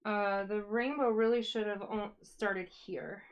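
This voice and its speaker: A woman's voice: medium pitch, steady tone, a little slow, clear, resonant tone, highs cut off. A woman hosting a casual live stream as a yarn dyer, chatty and upbeat, talking to her viewers as she works.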